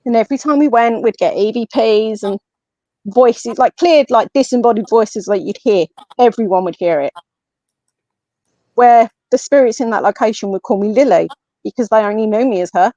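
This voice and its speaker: A woman with an English accent, a guest on a podcast, telling a personal story in a casual, animated way and acting out what others said. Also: on the high side, normal speed, no room sound. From England. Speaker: guest, medium and paranormal investigator. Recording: slightly muffled, dry lo-fi audio.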